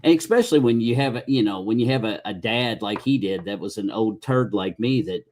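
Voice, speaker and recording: A man's voice: lowish voice, fairly quick, a little mellow. A middle-aged man hosting a podcast, telling rambling, folksy stories in casual chat with restarts and mild cursing. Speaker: podcast host.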